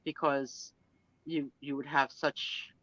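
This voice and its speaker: A woman hosting a casual live chat, animated and laughing, given to dramatic outbursts. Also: extremely low pitch, slow pace, no room sound, dull audio. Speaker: host.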